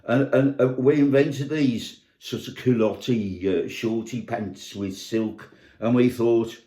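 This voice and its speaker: A man's voice: medium pitch, fairly even intonation, slow, dark tone. A man from England telling a comic story in a wry, mock-exasperated way. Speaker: vlogger. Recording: echoey room.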